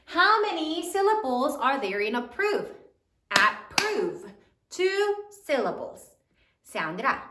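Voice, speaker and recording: A woman teacher leading a spelling lesson for children, sounding out each syllable slowly and clearly. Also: high-pitched, big pitch swings, recorded from a distance, background noise. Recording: roomy, from away from the mic.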